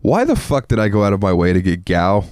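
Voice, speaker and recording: A very low-voiced man chatting on a podcast, loose and rambling, with easy laughs and casual swearing. His voice sits close and dry, with almost no room around it. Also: huge pitch swings, fast talker, a little mellow, no echo. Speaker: podcast co-host.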